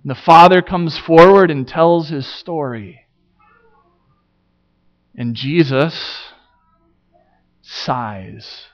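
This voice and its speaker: A man preaching a sermon, building rhetorical questions with dramatic pauses. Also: fairly high pitch, lo-fi sound. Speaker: pastor.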